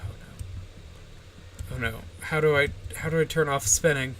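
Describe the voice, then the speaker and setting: A man in his forties with a bright, forceful voice, chatting casually on a livestream and muttering as he fiddles with settings. The mic sits a little far off, with a faint hum behind him. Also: on the high side, normal speed. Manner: muttering to himself while fixing stream settings. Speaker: livestream host.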